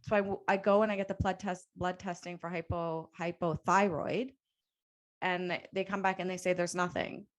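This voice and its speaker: A woman in her thirties co-hosts a podcast in a casual chat. Her voice sits a little low, and she speaks earnestly with firm emphasis, now and then turning sarcastic. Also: level tone, normal speed. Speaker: podcast co-host.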